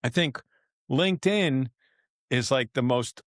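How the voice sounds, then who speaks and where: A middle-aged man co-hosting a podcast, talking in a loose, rambling way and laughing often. His voice sits at an ordinary pitch for a man. The sound is dry and close, with no room around it. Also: takes it slowly, no echo. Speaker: podcast co-host. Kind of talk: casual podcast chat.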